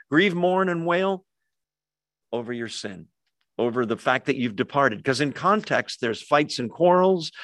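A man of middle pitch leads a Bible study in an easy, conversational way. He pauses, uses fillers and drops quick asides to his group. The sound is dry and close. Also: a bit bright, dry recording.

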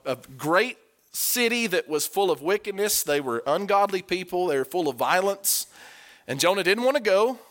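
A man with a high-sitting voice preaches a sermon. He is animated and emphatic, climbing to forceful peaks as he hammers his points home.

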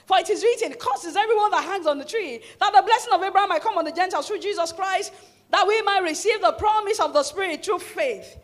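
A woman pastor delivers a fervent church sermon in a very high voice. She urges the congregation to repeat lines back to her and often builds to shouted declarations. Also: quick pace. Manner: fervent preaching with call-and-response, rising to shouts.

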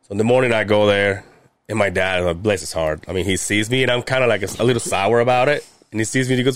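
A man telling a long personal story on a podcast in casual chat, animated and swearing often, acting out what others said. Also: on the low side, quick pace. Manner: animated, swears a lot, acts out quotes. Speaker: podcast host.

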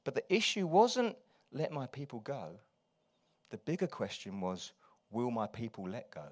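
Male preacher, sermon delivery, lively pitch, quiet asides building to loud urging. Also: a little slow. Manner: swings from soft confiding asides to loud urgent exhortation. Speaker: pastor.

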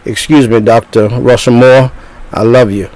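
A man's voice: medium pitch, little pitch movement, normal speed, darkish tone, poor audio. An older man in his sixties preaching a sermon as a pastor, talking in bursts with repeated words and restarts.

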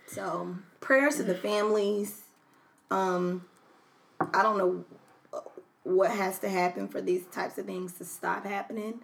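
A young woman co-hosting a podcast in casual chat, blunt and teasing, often trailing off into a quieter voice. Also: mid-range voice, takes it slowly, vocal fry, long pauses. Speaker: podcast co-host.

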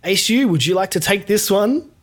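Male podcast host, husky, teasing, mock-formal, laughs a lot. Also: high-pitched, animated, moderate pace. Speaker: podcast host reading emails. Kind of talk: casual crude comedy podcast banter.

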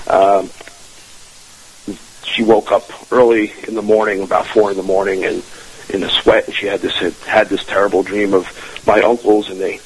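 A man's voice: fairly low pitch, vocal fry, a little hiss or hum, poor audio. A man telling a family ghost story as a radio interview guest, rambling with many restarts and fillers.

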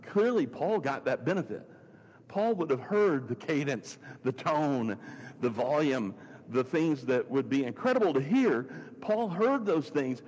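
A man preaching with a slightly husky, breathy voice that carries a long reverb, as if in a large hall. He is earnest and asks many rhetorical questions. He often stops and restarts his phrases. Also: medium pitch, big pitch swings, measured pace, a little mellow. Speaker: pastor. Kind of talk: sermon podcast teaching.

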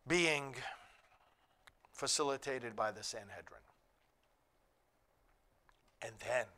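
A man preaching a sermon, emphatic, rising to near shouts on key phrases. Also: fairly high pitch.

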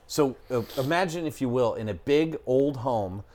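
A man's voice: medium pitch, lively intonation, normal speed, darkish tone. Middle aged guy rambling thru a creepy story, swears a lot, says like constantly. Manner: rambling, profane, lots of "like" and "I'm talking". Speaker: guest telling a story. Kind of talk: casual storytelling.

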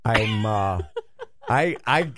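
A man's voice: on the low side, expressive, drawn-out words, a bit bright, a little hiss or hum. A man co-hosting a radio show, rambling defensively in casual banter. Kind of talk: casual chat.

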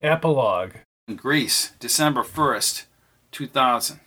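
Unhurried yet animated, an audiobook narrator reads a novel in a bright, forceful voice. He lifts his pitch to perform the characters' dialogue.

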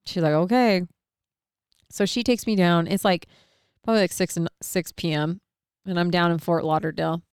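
A middle-aged woman with a smooth, resonant, slightly low voice tells a personal story in a loose, chatty way. She acts out her own inner thoughts with lively swings and swears freely. The sound is dry and close. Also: normal speed, long pauses, dry recording. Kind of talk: casual storytelling.

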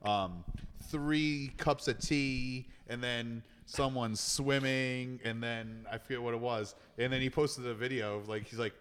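A man's voice: mid-range voice, fairly even intonation, measured pace, a bit bright, clear, resonant tone, big-room sound. A man in a casual chat, telling a story in a rambling way with many fillers.

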